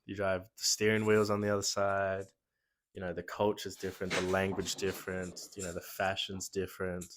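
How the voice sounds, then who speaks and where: A young man from Australia with an Australian accent, chatting casually as a podcast guest, relaxed and dryly teasing. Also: low-pitched, normal speed, a little hiss or hum. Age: young adult. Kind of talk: casual chat.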